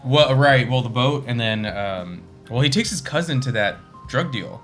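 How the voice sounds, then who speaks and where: A man's voice: medium pitch, animated, normal speed, a bit bright, soft background music. A man co-hosting a casual movie discussion, rambling and swearing freely as he recounts scenes. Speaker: podcast co-host.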